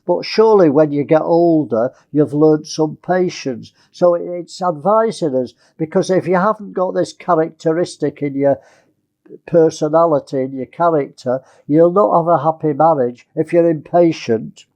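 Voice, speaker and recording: A man's voice: a little high, moderate pace, a little mellow. A male preacher giving a conversational sermon, asking his listeners rhetorical questions.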